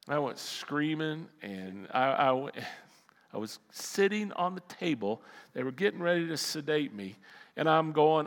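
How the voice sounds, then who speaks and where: A middle-aged male preacher with a high, bright, forceful voice delivers a sermon as a lively personal story. He jumps from loud, heated bursts to hushed asides. The sound carries a long reverb from a church hall. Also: moderate pace. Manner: animated storytelling, swings from loud outbursts to quiet asides. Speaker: pastor.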